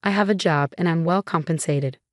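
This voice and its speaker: A woman playing a cold, sarcastic mother-in-law who sneers and snaps at her son's wife. She speaks a little low, and the sound is close and dry. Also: fairly quick, no echo, close to an everyday voice. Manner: sarcastic, snapping. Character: sarcastic hostile middle-aged mother-in-law.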